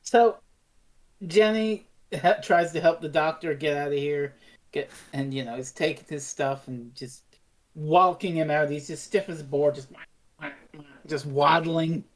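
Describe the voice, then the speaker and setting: Casting: woman with a low voice, laid-back plot recaps on a review podcast. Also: a little slow. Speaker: podcast co-host. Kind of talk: casual review chat.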